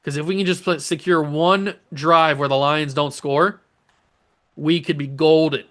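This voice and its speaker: Excitable man narrating his football game. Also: fairly high pitch, a little slow. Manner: animated, talks to his players and cheers plays. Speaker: gaming channel host. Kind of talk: casual let's-play commentary.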